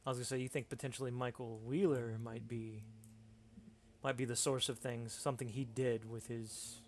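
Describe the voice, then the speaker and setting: A man's voice: medium pitch, level tone, moderate pace, slight background noise. A man chatting casually as a tabletop game player, thinking aloud and often restarting his sentences. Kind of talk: casual chat.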